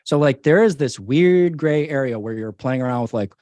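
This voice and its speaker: A man's voice: medium pitch, expressive, moderate pace, darkish tone, no room sound, studio quality. A man, a company CEO, answering interview questions in an emphatic, persuasive way and repeating his key points.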